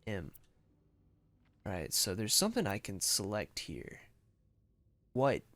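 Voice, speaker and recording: A man's voice: on the low side, huge pitch swings, slow, long pauses, a bit bright, no echo. A man playing a game, reading its letters aloud and reacting with blunt, profane remarks. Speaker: let's play gamer. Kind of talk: casual gameplay commentary and reading game text aloud. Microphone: desk microphone.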